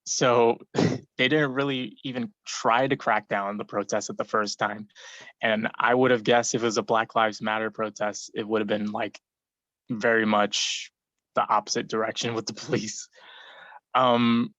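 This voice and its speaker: A man's voice: lowish voice, level tone, normal speed, fairly bright tone, no room sound. Young man rambling on a dull lo-fi mic. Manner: rambling, filler-heavy with many "like"s. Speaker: forum participant. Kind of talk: casual discussion contribution.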